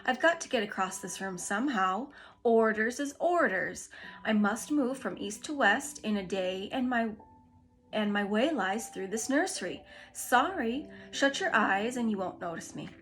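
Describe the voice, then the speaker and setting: Friendly chatty sunbeam, lady doing it, bright and kind, storybook voice. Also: fairly high pitch, animated, measured pace, soft background music. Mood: apologetic. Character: cheerful apologetic talking sunbeam.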